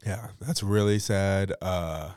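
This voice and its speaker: A man's voice: sits low, takes it slowly, a little mellow, smooth, no echo, clean studio sound. Slangy young man hosting a podcast. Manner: chatty, slangy, swears freely, many fillers. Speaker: podcast host. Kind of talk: casual pop culture chat and review.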